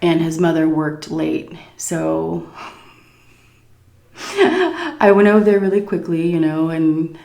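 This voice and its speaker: A woman's voice: sits low, animated, takes it slowly, creaky, pauses often, darkish tone. A middle-aged woman answering viewer questions in a candid, crude, giggly chat. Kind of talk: casual Q&A chat. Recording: roomy echo.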